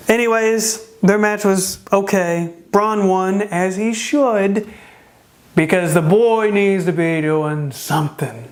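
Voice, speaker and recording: Sarcastic wrestling reviewer, voice going hoarse. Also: medium pitch, takes it slowly. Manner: sarcastic, full of rhetorical questions. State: starting to lose voice. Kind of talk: casual spoken review.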